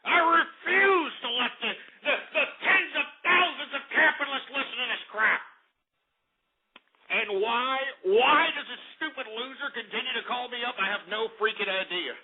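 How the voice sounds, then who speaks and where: A man hosting a call-in radio show, ranting bombastically and cursing, swinging from shouting fits to muttering. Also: very high voice, moderate pace, breathy edge. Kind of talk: over-the-top ranting talk radio. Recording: tinny phone-quality audio.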